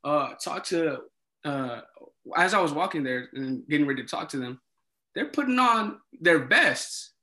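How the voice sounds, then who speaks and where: A man telling a story in casual conversation, animated and acting out the dialogue, with many fillers. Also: fairly high pitch, unhurried. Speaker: former resident assistant.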